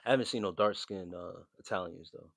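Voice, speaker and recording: A man's voice: low-pitched, a little fast, creaky, a bit bright. A man, hosting a livestream and chatting loosely with his chat, full of fillers and slang. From New Jersey. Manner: laid-back, loose slangy talk with many fillers. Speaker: livestream host reading chat.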